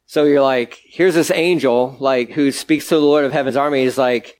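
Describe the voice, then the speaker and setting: A man's voice: medium pitch, steady tone, normal speed, hardly any pauses, darkish tone. A male pastor giving a conversational sermon, explaining scripture in a casual, chatty way with everyday asides.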